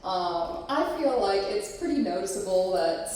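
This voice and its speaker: A woman's voice: medium pitch, expressive, measured pace, darkish tone, slight background noise. A woman presenting a convention panel in a casual, frank way, swearing now and then and filling her talk with "like, you know.". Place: convention panel room with live audience. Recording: echoey room, distant mic.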